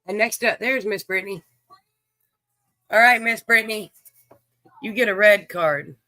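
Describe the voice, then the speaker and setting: A man's voice: high-pitched, measured pace, sharp tone, dry recording. A man hosting a livestream game, chatting in a folksy way and greeting viewers by name. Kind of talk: casual livestream chat, reading viewers' names.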